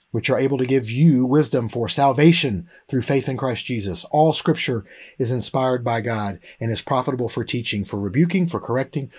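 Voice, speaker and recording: A man's voice: medium pitch, darkish tone, slightly rough. A man leading an evening Bible lesson, telling a story with quoted dialogue and then reading scripture aloud. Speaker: teacher of a Bible study. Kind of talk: sermon-style Bible lesson.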